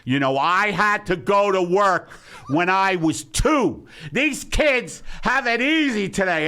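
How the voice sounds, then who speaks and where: A man in his sixties with a New York accent, hosting a comedy podcast in a ranting style that swings into shouting. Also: sits high, lively intonation, takes it slowly, clean tone. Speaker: podcast host. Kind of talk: comedic rant.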